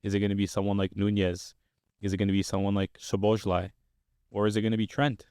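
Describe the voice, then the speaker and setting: Smooth low-voiced young male podcast host. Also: completely flat delivery, quick pace, mellow, no echo, studio quality. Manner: upbeat, steers the talk with questions. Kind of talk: casual sports chat.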